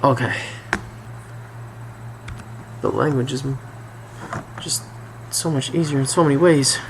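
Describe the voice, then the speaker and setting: A man talking through language points in a loose, unscripted way, pausing and restarting as he thinks. His voice sits at an everyday middle pitch, with a faint hiss of noise behind him. He sounds like someone recording at a home desk. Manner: thinking aloud with frequent ums and restarts. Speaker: language tutor. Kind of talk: casual explainer commentary.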